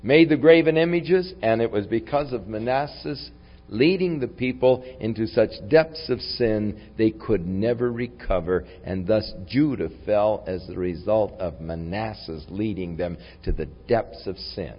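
A man preaching a sermon, reflective in tone and rising to forceful when he reads scripture aloud. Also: lowish voice, measured pace. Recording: long hall reverb, dull lo-fi sound.

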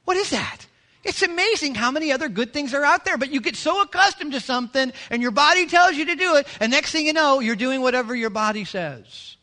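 High, bright-voiced joking preacher man. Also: fast, hardly any pauses. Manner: lively, joking preacher who mimics people. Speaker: pastor. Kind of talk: sermon.

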